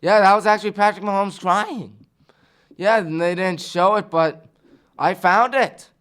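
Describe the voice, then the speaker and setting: A man hosting a local sports talk show, rattling through scores and picks in a casual, excitable way. He fires off rhetorical questions and exclamations. His voice is high, smooth and clear. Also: unhurried.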